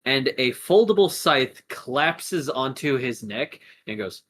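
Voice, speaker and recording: A man narrating a tabletop role-playing game as game master, casual and animated, with many fillers. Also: mid-range voice, takes it slowly.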